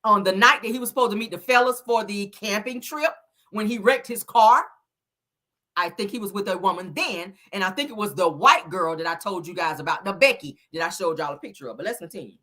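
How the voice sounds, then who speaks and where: A woman's voice: medium pitch, a little fast, bright, forceful tone. A woman hosting a casual gossip commentary, reading messages aloud, chatty and profane, talking straight to her viewers.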